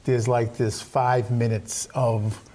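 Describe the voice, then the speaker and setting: A man's voice: mid-range voice, level tone, slow pace, mellow. A man hosting an interview, chatty and rambling, often repeating words. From Boston, Roslindale. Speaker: host. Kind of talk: casual interview chat.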